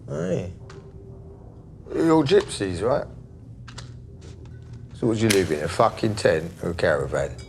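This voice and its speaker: An actor playing a volatile, menacing gangster baker in a crime drama, mocking one moment and threatening the next. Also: male voice, deep voice, creaky, heavily acted. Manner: mocking, swings between jovial and menacing. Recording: steady background noise.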